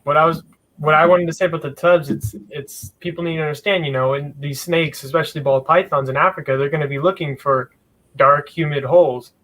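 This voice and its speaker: A man's voice: fairly high pitch, steady tone, a little fast, fairly bright tone, low-quality recording. A man co-hosting a casual live stream, mostly giving short agreeing replies and brief explanations.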